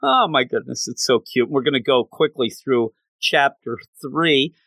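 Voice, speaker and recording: A man casually and excitedly recapping a story chapter by chapter, chatty and gushing. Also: mid-range voice, measured pace, dry recording. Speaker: manga reviewer.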